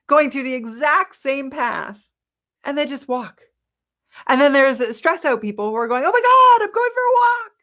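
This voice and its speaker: A woman presenting a workplace resilience webinar to a camera, lively and quick to laugh at herself. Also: a little high. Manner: lively, laughs at herself, acts out quoted people. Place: indoor room with a window. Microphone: camera mic. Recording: slightly muffled webinar audio.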